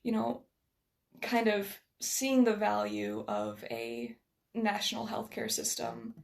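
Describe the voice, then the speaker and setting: Quick-talking American woman with a gravelly edge. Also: mid-range voice, very animated. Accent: American with a slight Scottish lilt. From United States. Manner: quick, rambling, with many restarts and laughs. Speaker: guest. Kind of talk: casual conversation.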